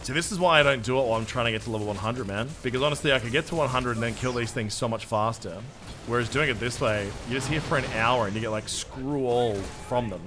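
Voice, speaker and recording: A man's voice: medium pitch, fast, background noise. An Australian man streaming a game, chatting casually with his viewers in a jokey, self-mocking way and swearing freely. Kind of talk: live gameplay commentary, reading chat.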